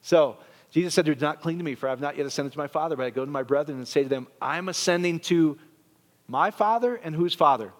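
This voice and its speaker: A man preaching a sermon, animated and joking with his congregation. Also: fairly high pitch, fast talker. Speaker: pastor. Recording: long reverb of a church hall.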